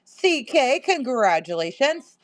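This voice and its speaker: A woman's voice: high-pitched, very animated, slow, no room sound. A woman hosting a casual live-stream sale from home. She is chatty, laughs a lot, and talks to both her viewers and her pet. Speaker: live-stream seller and host.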